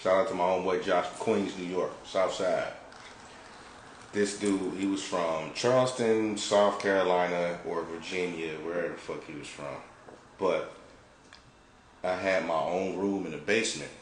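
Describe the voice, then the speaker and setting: A man from Detroit, a podcast host, telling an animated, profane story in a laid-back way. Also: low-pitched, moderate pace. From Detroit, United States. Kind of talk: casual storytelling. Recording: roomy with faint background noise.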